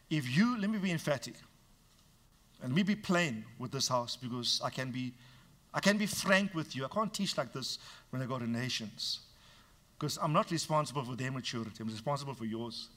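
A man preaching a sermon with a bright, sharp tone and a voice pitched a little above most men. He talks frankly to his congregation and teases them now and then. He drops into low asides, then climbs to loud, emphatic lines. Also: lively intonation, normal speed. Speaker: pastor.

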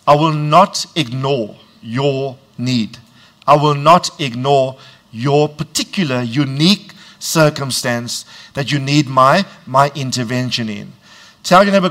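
A man preaching with a deliberate, drawn-out cadence and a fairly high voice. He leads his congregation in call-and-response and climbs to shouted emphasis on key words. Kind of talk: sermon.

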